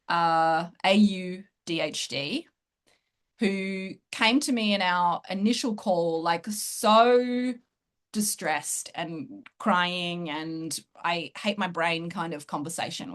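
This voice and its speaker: A woman coach talking through her group program in a casual interview, excited and quick to laugh. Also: on the low side. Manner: excited, laughs often, fast bursts. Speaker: host and coach.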